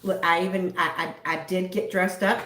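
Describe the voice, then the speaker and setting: A woman's voice: fairly low pitch, level tone, moderate pace, sharp tone, roomy sound. Chatty Southern woman hosting a livestream. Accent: Southern American. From southern United States. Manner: chatty, giggly, greets viewers by name. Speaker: livestream host. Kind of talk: casual livestream chat.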